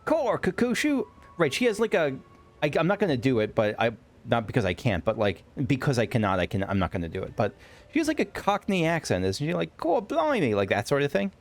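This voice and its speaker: A man's voice: medium pitch, sing-song, fairly quick. A man giving casual let's play commentary, rambling and correcting himself with wry asides.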